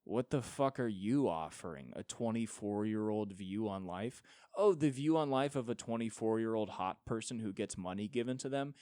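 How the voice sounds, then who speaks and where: Low-voiced man ranting sarcastically. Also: expressive, moderate pace, few pauses, dark tone, no room sound, clean studio sound. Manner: ranting, sarcastic, profane, mocking voices in quotes. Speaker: podcast host. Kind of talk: solo podcast rant.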